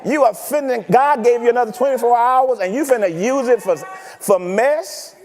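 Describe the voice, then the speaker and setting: High-voiced preacher in an echoing church. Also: male voice, normal speed. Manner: animated, teasing preaching with rhetorical questions. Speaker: pastor. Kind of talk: sermon. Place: church sanctuary.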